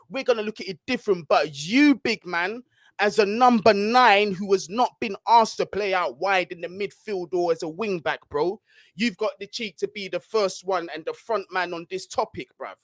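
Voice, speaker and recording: A man's voice: sits high, fairly bright tone, dry recording, clean studio sound. A man hosting a casual football chat, fired up and slangy, often asking "yeah?". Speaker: host.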